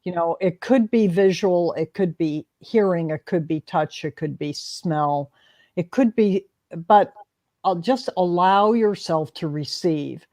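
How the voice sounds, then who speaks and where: A woman working as a hypnotherapist, explaining in a calm, soothing way with many restarts during a panel discussion. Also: lowish voice, a little slow.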